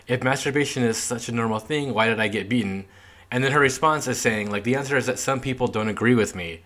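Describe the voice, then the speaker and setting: A man's voice: on the low side, a bit bright. Laid-back young man reading clippings aloud. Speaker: podcast co-host. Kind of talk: casual chat.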